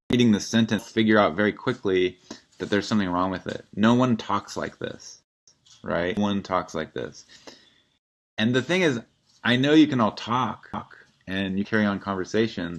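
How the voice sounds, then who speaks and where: A man with a very low voice teaches in a relaxed, conversational way, walking through a student essay in a recorded lecture. He is wry and plainspoken and clears his throat now and then.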